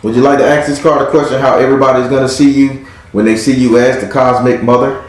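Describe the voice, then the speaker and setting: A man's voice: mid-range voice, little pitch movement, fast. A man giving a live tarot reading in a blunt, profane, hyped-up way. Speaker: tarot reader. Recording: very echoey room.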